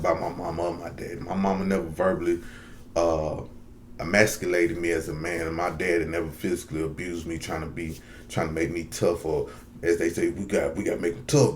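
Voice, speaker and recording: A man's voice: low voice, a little hiss or hum. A man giving earnest, heartfelt commentary straight to his viewers, repeating lines for emphasis. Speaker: vlogger. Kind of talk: direct-to-camera commentary.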